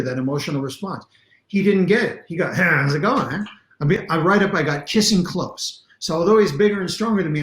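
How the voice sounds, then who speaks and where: A man with a somewhat high voice lays out self-defense principles as a podcast guest. He talks emphatically and bluntly, driving each point home. The sound is roomy and echoey. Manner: animated, emphatic teaching with blunt examples. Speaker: martial arts instructor and self-defense coach. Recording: roomy echo.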